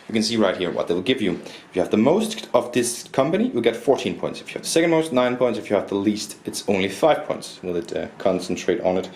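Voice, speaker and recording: A man's voice: fairly low pitch, reverberant, slight background noise. A man from Denmark reviewing a board game, talking casually and rambling, often repeating and correcting himself. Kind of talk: casual review with rules walkthrough.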